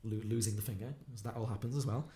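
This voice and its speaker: A man on a podcast, retelling a film plot quickly and acting out the characters' lines. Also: lowish voice, fairly even intonation, mellow. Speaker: podcast co-host. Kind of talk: casual film podcast recap.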